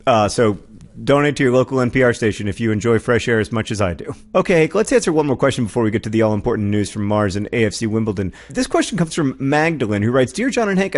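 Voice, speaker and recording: A man in his forties co-hosting a casual comedic chat, rambling with lots of ums and restarts. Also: medium pitch. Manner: rambling, self-deprecating, many ums and restarts. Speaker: podcast co-host. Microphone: studio mic with headphones.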